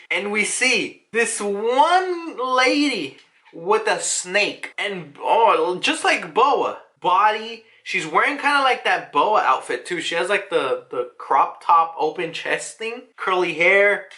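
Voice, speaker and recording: An excitable man recaps a comic chapter in loose, casual chat, swearing as he goes. His voice is bright and sharp, and his pitch swings all over the place. He drops into quick put-on voices whenever he quotes a character. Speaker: manga reaction host.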